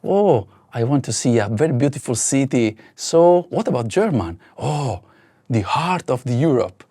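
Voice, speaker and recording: A man's voice: mid-range voice, lively intonation, normal speed, dark tone, breathy edge, dry recording, clean studio sound. A man teaching a playful language lesson, mixing comic asides with word drills.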